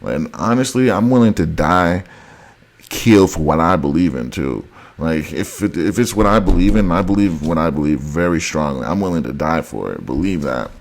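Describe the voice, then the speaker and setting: A man with a very deep voice delivers a heated vlog rant. He repeats himself, circles back and keeps addressing his viewers as guys. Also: lively intonation, moderate pace, gravelly. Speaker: vlogger. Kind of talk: ranting monologue to camera.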